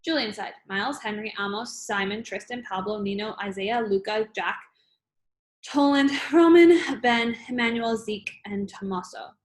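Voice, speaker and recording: A woman reading a children's novel aloud, plain and steady, with small restarts. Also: mid-range voice, normal speed. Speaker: audiobook reader.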